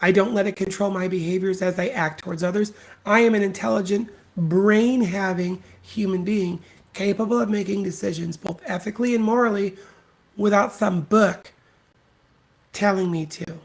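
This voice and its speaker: In a medium-pitched voice at a moderate pace, a podcast host goes it alone with an opinionated rant. He's scornful, blunt, and profane, repeating himself emphatically to drive each point in.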